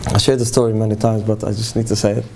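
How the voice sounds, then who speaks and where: A man's voice: lowish voice, little pitch movement, racing, noisy background. A middle-aged man, giving an earnest, heartfelt talk to parents. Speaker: speaker addressing parents. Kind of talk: emotional talk to a live audience.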